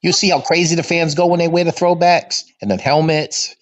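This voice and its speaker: A man in his fifties from the Boston area, hosting a fan livestream and telling stories from his childhood in a lively, animated way. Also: on the high side, a little fast, no room sound. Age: 50s. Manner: animated storyteller who acts out his father's voice. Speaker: fan podcast host. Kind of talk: casual storytelling chat. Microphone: remote stream call.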